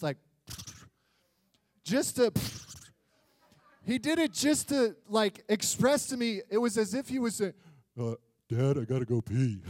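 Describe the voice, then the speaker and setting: Male preacher, high voice, dry close sound, lively and joking sermon delivery. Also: no room sound. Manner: animated and joking, swinging between loud and quiet. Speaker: pastor.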